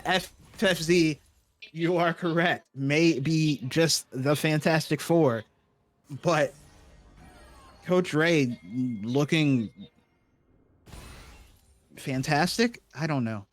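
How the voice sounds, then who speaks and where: A man casting an esports match with chatty, joking play-by-play that often corrects itself. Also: on the high side. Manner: chatty, self-correcting, jokey. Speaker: esports caster. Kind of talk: play-by-play commentary.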